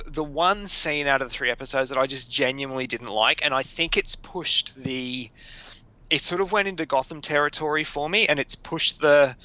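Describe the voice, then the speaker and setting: A man's voice: mid-range voice, pushed and bright, dry recording, rough recording. A man co-hosting a podcast, chatting casually, laughing often and acting out quotes. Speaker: podcast co-host. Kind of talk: casual chat.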